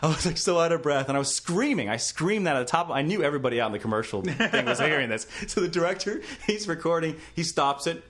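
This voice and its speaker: Male actor, chatty anecdote teller; animated delivery, slightly raised pitch. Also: fast talker, few pauses. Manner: animated, acts out other people's lines. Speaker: actor telling a career story. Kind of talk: casual storytelling interview.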